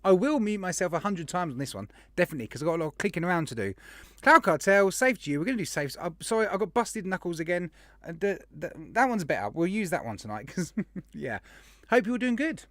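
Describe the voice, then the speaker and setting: A man's voice: sits high, very animated, fast talker, fairly bright tone, dry recording, studio quality. A man hosting a casual livestream, rambling and greeting viewers by name. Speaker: livestream host.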